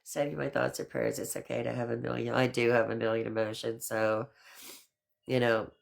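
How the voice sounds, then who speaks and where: A woman's voice: rumbling low, level tone, moderate pace, creaky. Middle-aged woman, stream host; chatty, affectionate, easygoing live chat. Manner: chatty, affectionate, calls people honey and girl.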